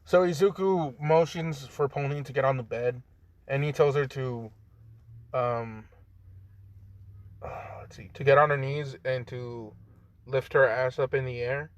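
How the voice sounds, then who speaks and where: A man's voice: medium pitch, fairly even intonation, unhurried, pauses often. A young man casually improvising a story, rambling with lots of fillers and joking asides.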